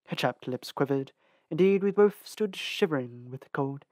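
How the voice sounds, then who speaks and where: An audiobook reader narrating a novel in a measured, careful way, with the occasional small restart. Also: mid-range voice, animated, a little mellow, dry recording, clean studio sound. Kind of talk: storybook narration.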